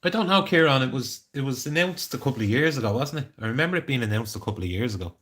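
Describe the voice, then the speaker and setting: A man's voice: mid-range voice, lively intonation, racing, fairly bright tone. An Irish man chatting casually on a live stream, rambling and greeting viewers by name. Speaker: livestreamer.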